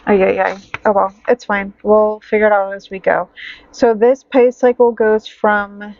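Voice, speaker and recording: A tired, sad woman in her thirties chatting to camera at her home desk, rambling and halting with sighs and fillers. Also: mid-range voice, fairly even intonation, dry recording. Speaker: budgeting vlogger. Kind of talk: casual chat to camera. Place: home desk in loft bedroom. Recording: dull lo-fi home recording.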